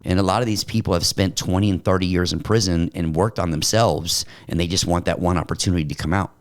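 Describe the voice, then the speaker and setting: Deep-voiced blunt streetwise storyteller man. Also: fairly even intonation, quick pace. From Arizona. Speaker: podcast guest. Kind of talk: casual storytelling interview.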